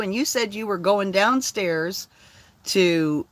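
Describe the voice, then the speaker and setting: A woman's voice: medium pitch, slow, no echo. An older woman talking casually on her vlog, blunt and profane, telling stories with lots of energy. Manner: blunt, profane, animated storytelling. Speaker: vlogger. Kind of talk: casual chat. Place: lives in a converted school bus.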